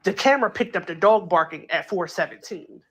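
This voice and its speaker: A woman hosting a casual true crime chat, talking it through in an animated, incredulous way and acting out quotes, with plenty of filler words. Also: on the low side, fairly quick, husky. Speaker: true crime channel host. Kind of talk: casual commentary.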